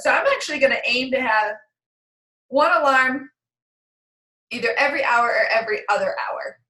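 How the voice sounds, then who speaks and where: A woman in her thirties chatting casually on a group call, telling stories with lively quoted dialogue. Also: on the high side, echoey room, rough recording. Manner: chatty, animated storytelling with acted quotes. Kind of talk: casual chat.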